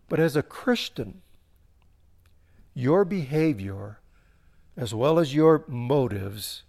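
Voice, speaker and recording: A male pastor preaching a sermon who often repeats and restarts his phrases, swinging from emphatic peaks down to quiet, low endings.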